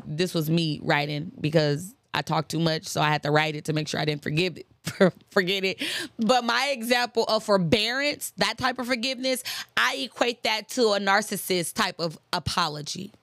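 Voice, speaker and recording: Emphatic woman with a gravelly voice. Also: medium pitch, moderate pace, a bit bright, no echo. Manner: chatty and emphatic, preaching asides, laughs often; repeats phrases for emphasis. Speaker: host. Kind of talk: casual faith-based talk on forgiveness.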